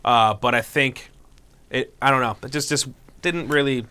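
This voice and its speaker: Laid-back man with a bright voice. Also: mid-range voice, fairly even intonation, normal speed, smooth. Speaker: co-host of a gaming news stream. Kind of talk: casual livestream chat.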